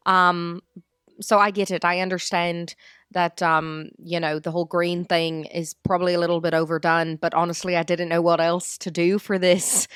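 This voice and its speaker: A playful mock Irish accent, put on by a woman in the middle of a casual game commentary. She rambles and teases herself as she goes. The voice is smooth and slightly low, and the recording is dry. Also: a bit bright, dry recording, close to an everyday voice. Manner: playful, self-mocking, rambling.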